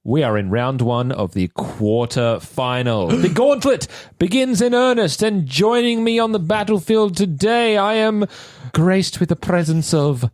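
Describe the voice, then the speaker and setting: An Australian man hosts a casual podcast with a theatrical, announcer-like style. His voice sits high and moves with wide, lively swings. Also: measured pace, no echo, studio quality. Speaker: podcast host.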